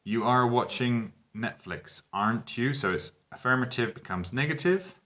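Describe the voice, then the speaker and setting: A man teaching a grammar lesson, speaking example sentences clearly and emphatically and counting down to the answers. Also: mid-range voice, animated, moderate pace, sharp tone. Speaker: English teacher.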